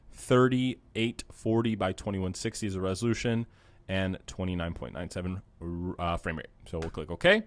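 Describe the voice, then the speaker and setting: A man's voice: lowish voice, no echo. A young man casually walking through a video editing tutorial with a practical tone and frequent fillers, speaking into a close mic. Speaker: course instructor. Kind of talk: screen-recorded editing tutorial.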